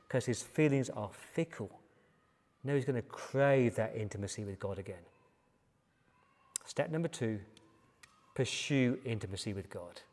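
English male pastor, emphatic sermon delivery, mid pitch, long church reverb. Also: a little mellow. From England. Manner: emphatic, building repetitions.

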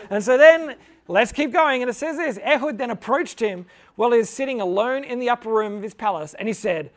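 A high-voiced man gives an informal Bible talk full of jokes. He chuckles along and leans on "like" as he retells the story in a casual teaching style. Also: fairly quick, a bit bright. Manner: jokey, chuckling, fills talk with "like".

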